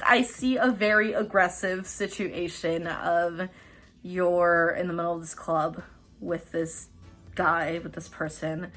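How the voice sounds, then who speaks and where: A woman with a lowish, slightly bright voice hosts a casual pick-a-card tarot reading. She's chatty and profane, often breaking into laughter mid-sentence.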